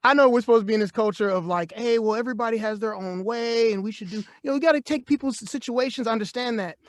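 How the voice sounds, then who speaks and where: A man co-hosting a live chat show, talking in an animated, ranting way and laughing often. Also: extremely high pitch, quick pace, dry recording, studio quality. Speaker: co-host.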